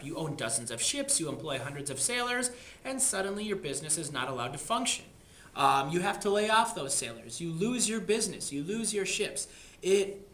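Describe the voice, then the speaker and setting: A man's voice: high-pitched, sharp tone, slight background noise. A man teaching history in a casual lecture, chatty and jokey, using slang. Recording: echoey room.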